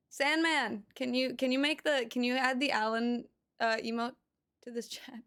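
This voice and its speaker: A woman's voice: fairly high pitch, fairly even intonation, normal speed, a bit bright, clean tone. A woman livestreamer chatting casually with her viewers while reacting to pet videos, rambling with lots of fillers and cooing over the animals.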